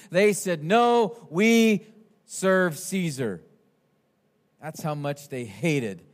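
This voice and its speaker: A man delivers a sermon to his congregation, his voice sitting a little high for a man. He preaches with lively, animated energy, dropping to quiet asides and then rising to near-shouts when he acts out the crowd. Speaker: pastor. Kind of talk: expository sermon.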